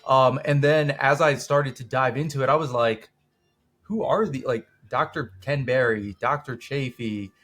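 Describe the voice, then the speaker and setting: A man's voice: mid-range voice, fairly even intonation, normal speed, few pauses, a bit bright. A young man, the guest on a podcast, talking casually and rambling with many fillers and restarts. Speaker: documentary co-producer, guest. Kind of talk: casual interview chat.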